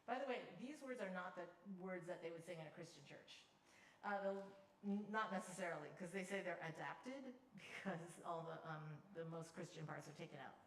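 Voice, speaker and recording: A woman's voice: fairly low pitch, a little fast, a little hiss or hum. A woman leading a choir rehearsal, explaining lyrics in a chatty, self-deprecating way. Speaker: choir leader. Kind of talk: casual rehearsal teaching. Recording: roomy, distant mic, instruments behind.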